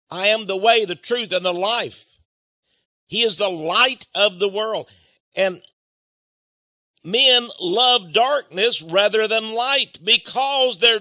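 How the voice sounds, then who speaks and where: An older man preaching a sermon in an animated way, acting out quoted people and swinging between loud and soft. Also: high voice, no echo, clean studio sound.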